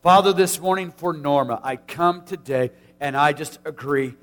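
A man with a notably high voice leads a funeral service as pastor, moving between scripture and prayer. He speaks earnestly and from the heart, his phrases sometimes catching and starting over. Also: fairly bright tone, soft background music. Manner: earnest, heartfelt, with halting restarts.

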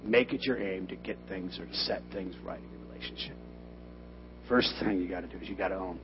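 A middle-aged pastor delivers a sermon in a low voice, animated and quick to burst out loudly when acting out arguments. The recording is dull and lo-fi, with a faint hum beneath it.

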